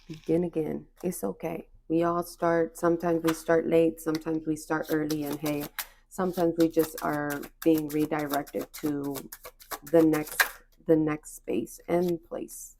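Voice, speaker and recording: Low, gravelly-voiced woman reading oracle cards. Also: level tone, measured pace, mellow, a little hiss or hum. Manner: encouraging, reassuring, repeats phrases; casual, slangy phrasing. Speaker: oracle card reader. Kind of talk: spiritual card reading to viewers.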